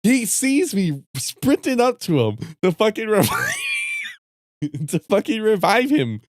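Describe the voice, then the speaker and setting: Laughing, swearing streamer man with lively pitch. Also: measured pace, dry recording, raised voice. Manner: profane, laughing often, animated. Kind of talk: casual storytelling rant.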